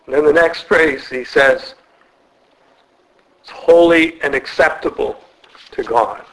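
A man preaching an earnest sermon in a church, slowing and dropping his voice to stress key words. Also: a little high, low-quality recording. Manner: earnest, slows and drops for emphasis.

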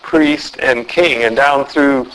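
Male preacher, mid pitch, deliberate sermon delivery with slow emphatic phrases, faint background hiss. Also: fairly even intonation, a bit bright, poor audio. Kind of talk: expository sermon.

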